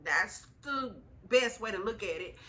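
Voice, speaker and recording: A young woman telling a casual travel vlog story in slangy, animated talk straight to her viewers. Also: mid-range voice, a little slow. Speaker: travel vlogger.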